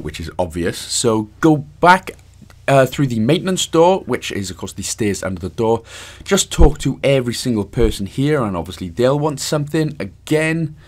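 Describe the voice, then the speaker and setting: A man's voice: medium pitch, a little mellow. A Welsh man narrating a casual game walkthrough voice-over, giving steps with jokey, self-mocking asides. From Wales.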